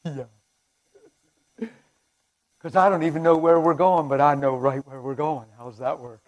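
Fiery high-voiced male preacher. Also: steady tone, unhurried. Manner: impassioned, swinging between shouts and hushed asides; laughs and chats with the audience. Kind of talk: fervent sermon. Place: men's breakfast at a conference.

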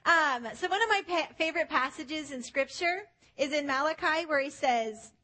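High, bright-voiced woman preaching. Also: moderate pace. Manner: animated, acts out quoted voices. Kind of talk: sermon.

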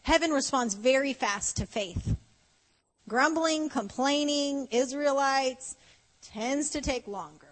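A woman's voice: sits high, slow. A woman preaching at a conference, playful and conversational, acting out little dialogues with laughs. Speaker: conference speaker. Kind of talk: conference sermon. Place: conference hall. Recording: long hall reverb.

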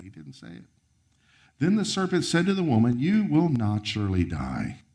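A man delivers a sermon, walking through scripture verse by verse. His voice sits at a middle pitch but leaps upward for emphasis and falls to a near whisper on key words. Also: big pitch swings, moderate pace, creaky. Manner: preaching with sharp swings of pitch and volume, dropping to a near whisper; reads scripture aloud and comments on it. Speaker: pastor.

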